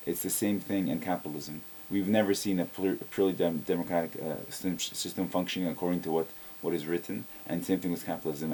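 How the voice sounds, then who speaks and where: A man's voice: low voice, darkish tone, a little hiss or hum. A man giving a blunt, opinionated video reply to a viewer, often repeating words as he starts a sentence. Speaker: video blogger answering a viewer. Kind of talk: casual spoken video reply.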